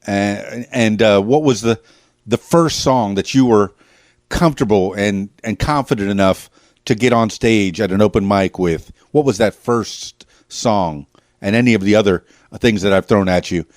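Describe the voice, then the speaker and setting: A man's voice: fairly low pitch, normal speed, no echo, studio quality. Rambling enthusiastic male podcast host. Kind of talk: casual interview.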